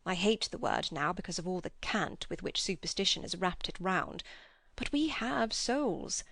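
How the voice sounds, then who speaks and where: A woman's voice: on the low side, gravelly, fairly bright tone, no echo, clean studio sound, heavily acted. A woman voicing an earnest, passionate old man who pleads and preaches. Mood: impassioned. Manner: impassioned, preaching.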